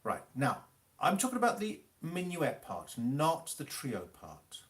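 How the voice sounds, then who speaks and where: A man teaching music, hosting a live online quiz, reading out Italian terms slowly and teasing players about their spelling and the rules. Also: fairly high pitch, wildly swooping pitch, fairly bright tone.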